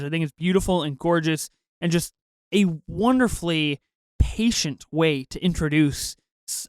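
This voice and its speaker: A man with a high, smooth and clear voice talks through a film review in easy, casual chat. He is enthusiastic, laughs a lot and leans on fillers. The sound is dry and close. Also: dry recording. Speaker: podcast co-host.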